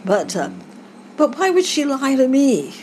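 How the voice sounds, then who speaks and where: Older woman interviewee, halting rambling reminiscence, faint background hiss. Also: sits high, very animated, warm tone, low-quality recording. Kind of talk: family oral history recollection.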